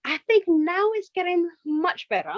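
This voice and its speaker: Animated young mother telling her story. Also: very high voice, normal speed, no echo, dull audio. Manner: animated storytelling, quoting herself. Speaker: podcast guest, nurse and mother of two. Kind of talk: casual chat.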